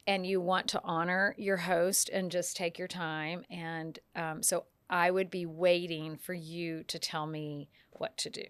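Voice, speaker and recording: A woman, an etiquette expert guest on a talk show, telling stories in an animated way and acting out the quotes. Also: lowish voice, a little slow, few pauses, clean tone, dry recording. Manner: animated storyteller, acts out quotes. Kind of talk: casual chat.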